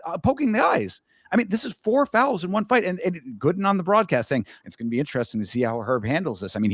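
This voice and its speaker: A man's voice: a little high, dry recording. Male podcast co-host, heated and emphatic, dry close sound. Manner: heated, emphatic ranting with restarts. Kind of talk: casual fight review chat.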